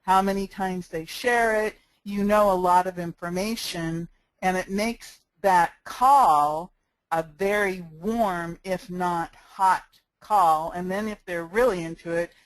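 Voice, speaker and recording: A woman's voice: lowish voice, takes it slowly, no room sound, poor audio. A woman giving a step-by-step screencast tutorial into a cheap headset microphone, friendly and practical, talking with a smile. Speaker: sales marketing instructor.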